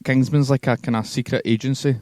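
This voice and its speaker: A man co-hosting a casual podcast chat, telling stories in an animated way. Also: mid-range voice, no room sound, studio quality. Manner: rapid, animated storytelling. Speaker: podcast co-host.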